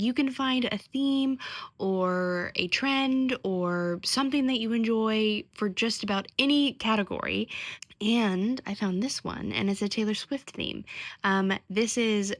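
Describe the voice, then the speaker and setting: A young adult woman talking casually to camera in a vlog, chatty and gushing, filling her speech with "like" and "um". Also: on the high side. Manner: chatty and gushing, many fillers like "like" and "um". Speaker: vlogger.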